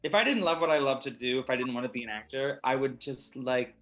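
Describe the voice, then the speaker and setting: A man's voice: medium pitch, fast talker, a bit bright, soft background music. An American man, an actor guest, chatting expressively and casually in an interview. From USA.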